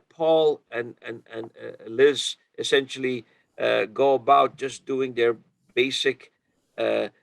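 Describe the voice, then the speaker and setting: A man speaking as a guest on a roundtable discussion over a video call, halting and searching for his words. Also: mid-range voice, gravelly, no room sound. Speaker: panel guest.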